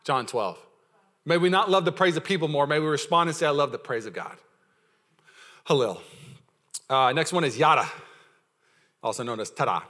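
Male pastor, a touch high-pitched, energetic sermon with congregation call-outs and acted-out anecdotes. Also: fairly quick, pauses often. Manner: energetic, playful preaching with audience call-outs; acts out quoted voices in storytelling.

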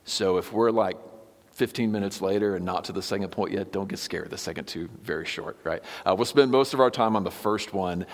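A man's voice: sits low, brisk, long reverb tail. A man giving a conversational sermon as pastor, often checking in with the congregation. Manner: conversational, asks listeners for agreement. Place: church sanctuary.

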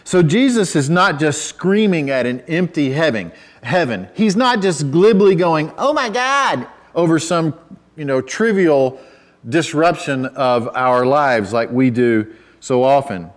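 A man preaching a sermon in a conversational way, with self-deprecating asides and restarts, who rises to loud, emphatic cries when quoting scripture. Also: on the high side, animated, unhurried. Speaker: pastor.

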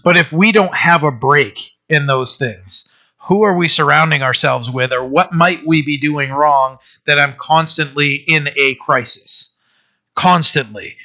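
A man's voice: on the high side, a little slow, sharp tone. A middle-aged man preaching a conversational sermon, rambling, with many restarts and fillers. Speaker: pastor. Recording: dull lo-fi sermon recording.

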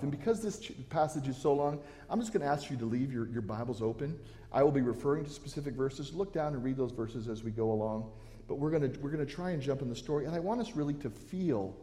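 Earnest preaching man, mellow voice. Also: a little high, in a large hall. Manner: earnest preaching with frequent restarts. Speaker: pastor. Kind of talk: sermon. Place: church sanctuary.

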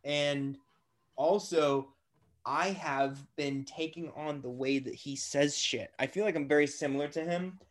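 A man's voice: on the high side, steady tone, measured pace. A young man in casual podcast chat, playful, riffing with silly voices and sound effects. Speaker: podcast co-host.

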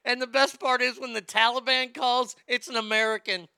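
A man's voice: extremely high pitch, level tone, moderate pace, gravelly, pushed and bright, clean tone, no echo, clean studio sound. Sarcastic, laughing middle-aged man host. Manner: laughs often, mocking, sarcastic, puts on silly voices. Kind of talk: comedic commentary.

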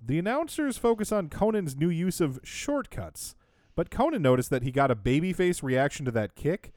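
A man's voice: on the high side, big pitch swings, moderate pace, a little mellow, no room sound, studio quality. A man co-hosting a podcast, recapping in casual chat with a sarcastic, wry tone and frequent laughs. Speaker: podcast co-host.

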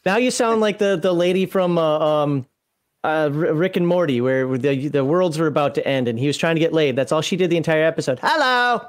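A man's voice: fairly high pitch, fairly quick. A man co-hosting a live-streamed chat, rambling and laughing as he talks. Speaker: podcast co-host.

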